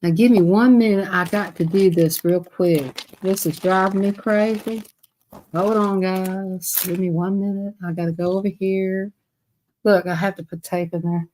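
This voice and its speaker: A woman's voice: medium pitch, fairly even intonation, moderate pace, darkish tone. A woman with a Southern US accent chatting on a live stream, telling rambling stories and laughing between phrases. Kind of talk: casual storytelling to viewers.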